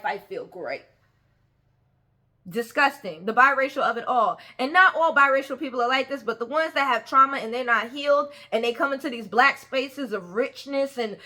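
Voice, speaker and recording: A woman's voice: a little high, bright, forceful tone. A young woman giving opinionated casual commentary on a reality show, stressing points by repeating words.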